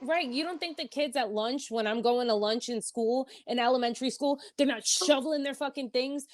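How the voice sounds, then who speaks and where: A woman from Philadelphia co-hosting a podcast, telling stories in a blunt, profane, animated way. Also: sits high, a little fast, no echo, soft background music. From Philadelphia, USA. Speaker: podcast co-host. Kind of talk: casual podcast chat.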